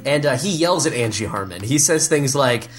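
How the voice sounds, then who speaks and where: Low-voiced woman, laughing podcast banter. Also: moderate pace, soft background music. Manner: laughing, animated, mocking quotes in silly voices. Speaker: podcast co-host. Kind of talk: casual chat reviewing a film.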